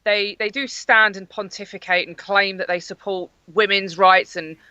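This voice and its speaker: A woman from Northern Ireland gives earnest, emphatic answers as an interview guest. Her voice is bright and crisp, coming through dull and dry over a remote link. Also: mid-range voice, steady tone, normal speed, no room sound.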